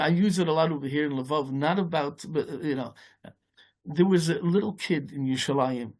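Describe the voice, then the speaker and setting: A man giving an informal Torah talk as a rabbi. He speaks haltingly, with many restarts, and mixes Yiddish and Hebrew terms into his English. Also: darkish tone, husky. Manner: storytelling, rising in pitch as the tale builds.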